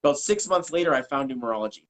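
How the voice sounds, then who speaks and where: A man speaking as a numerology coach in a casual live-stream interview, talking in an animated way, cursing and acting out what people said. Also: medium pitch, rapid-fire, poor audio. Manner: animated, swears, acts out quotes. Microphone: video call.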